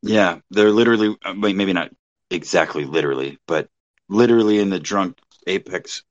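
A man's voice: sits low, moderate pace, no room sound, lo-fi sound. A man joining a casual podcast stream as a guest, crude, blunt and joking.

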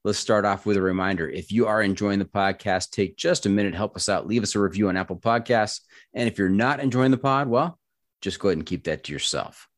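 A man's voice: on the low side, fairly quick, no echo, clean studio sound. A man hosting a podcast interview, chatty and joking, often stumbling over his words. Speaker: podcast host. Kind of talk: casual interview.

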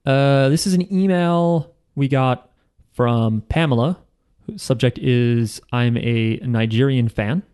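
A man co-hosting a podcast in casual chat, rambling and halting with a deadpan delivery. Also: mid-range voice, clear, resonant tone. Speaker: podcast co-host.

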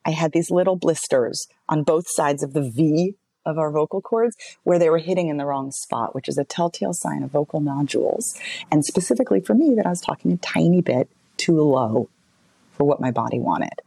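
Expressive woman with dry close sound. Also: a little fast, creaky, husky, dry recording. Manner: animated storytelling, wide pitch swings, expressive. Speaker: guest, voice coach and author. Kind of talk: casual interview conversation.

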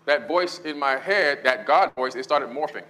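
A man's voice: mid-range voice, normal speed, bright, forceful tone, low-quality recording. A man in a casual podcast conversation, explaining his views in a thoughtful, storytelling way. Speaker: podcast guest.

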